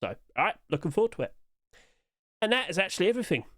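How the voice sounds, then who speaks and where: Guy, upbeat rambling skins commentary, slightly high voice, chuckles often. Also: sing-song, fairly bright tone, dry recording, clean studio sound. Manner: chatty, rambling, chuckles to himself; quick-talking, trying to rush through. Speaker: game skin commentator. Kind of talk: casual solo commentary.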